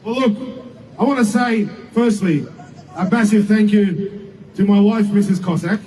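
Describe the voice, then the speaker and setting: A man giving an emphatic public speech to a crowd, shouting some phrases and joking between them. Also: sits high, a little slow. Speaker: rally speaker. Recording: distant mic with faint outdoor noise.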